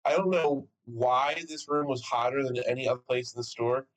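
This podcast co-host, a young man, spins a story in relaxed conversation full of curse words and frequent laughter, delivered with real animation. He speaks at a normal speed in a medium pitch, on a low-quality recording with a little hiss or hum.

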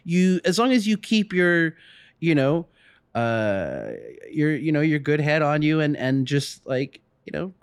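A man hosts a casual podcast with a fairly high, lively voice that moves a lot in pitch. He speaks in a thoughtful, reassuring, somewhat hesitant way. The recording is dry and close. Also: a little slow, clear, resonant tone, no room sound. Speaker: podcast host.

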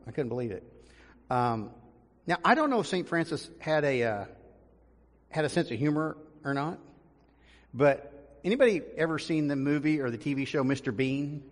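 A man's voice: on the high side, lively intonation, moderate pace, pauses often. A man, a pastor, giving a conversational sermon with frequent ums and restarts, building to emphasis. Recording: long reverb of a large room.

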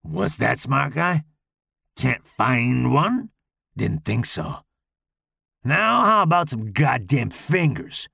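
A man growling as a gravelly, hulking killer. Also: medium pitch, very animated, sharp tone, no echo, clean studio sound, exaggerated voice. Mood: menacing taunting. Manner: taunting, foul-mouthed, slow and drawling. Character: menacing deformed hulking male killer, crude and bossy.

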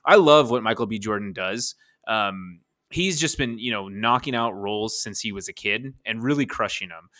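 A man's voice: fairly low pitch, moderate pace, pushed and bright, no room sound, studio quality. A man in his thirties co-hosting a casual podcast, talking enthusiastically and rambling with frequent laughs. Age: 30s. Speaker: podcast co-host.

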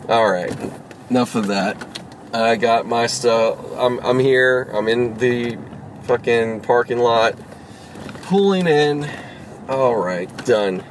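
Casual male vlogger, rambling and loose, mid-pitched voice, clear background noise. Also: slow pace. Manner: rambling, swears casually, talks to viewers. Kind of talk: casual chat while driving and running errands. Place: in a car and parking lot.

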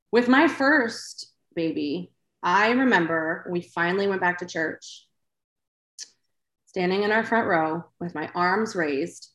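A woman's voice: mid-range voice, fairly bright tone. A woman guest on a faith-based podcast, speaking earnestly and emphatically with encouragement. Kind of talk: faith-based casual chat. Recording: roomy echo.

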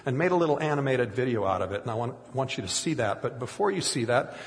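A middle-aged man preaches with animated storytelling, slipping into acted-out quotes along the way. His voice sits in a middle pitch. The sound rings with the long reverb of a large hall. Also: fast talker. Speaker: pastor. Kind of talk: sermon.

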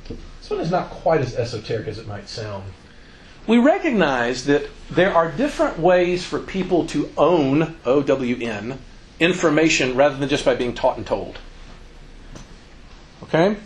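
A man's voice: on the high side, measured pace, pauses often, a little hiss or hum. A man giving an informal, joking talk to students as a campus minister, acting out quoted voices. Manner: animated, joking, acts out quotes.

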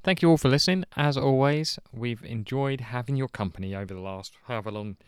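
A man co-hosting a podcast in casual chat, with a relaxed, dryly teasing manner. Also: medium pitch, fairly quick, clean tone, no echo, studio quality. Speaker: podcast co-host.

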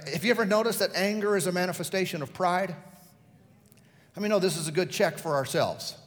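A man's voice: high voice, fairly bright tone, big-room sound. A male pastor preaching a sermon, telling the story vividly and putting questions to the congregation.

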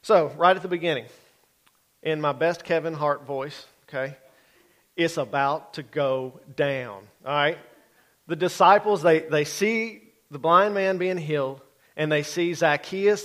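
A man's voice: fairly high pitch, steady tone, a little slow, fairly bright tone. Man preaching, chatty check-ins. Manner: conversational, keeps checking in with the congregation. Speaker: pastor. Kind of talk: sermon.

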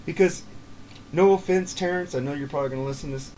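A man's voice: fairly high pitch, fast talker, a little mellow, slight background noise. A man telling heated stories on a podcast, swearing freely. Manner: profane, heated storytelling. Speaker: podcast guest. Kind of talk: casual podcast chat.

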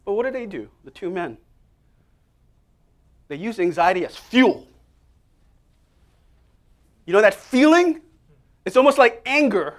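A man preaching an energetic sermon, prompting listeners to repeat phrases to each other. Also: high voice, measured pace, pauses often. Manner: energetic, call-and-response prompts to the congregation.

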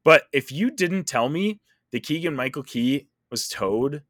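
Bright-voiced easygoing podcast man. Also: fairly high pitch, lively intonation, measured pace, no room sound, clean studio sound. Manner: easygoing, trails off with fillers. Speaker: podcast co-host. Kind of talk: casual chat, movie review.

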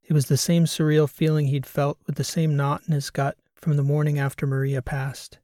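A man narrating a science fiction audiobook in a steady, even storytelling manner. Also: a little high, moderate pace, no room sound, clean studio sound. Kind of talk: scripted narration.

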